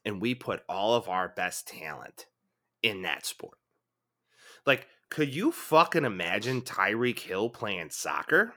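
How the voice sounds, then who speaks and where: A man's voice: fairly low pitch, sing-song, takes it slowly, bright, forceful tone. A young man with a chest cold, co-hosting a casual sports podcast, talking emphatically and swearing freely. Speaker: podcast co-host.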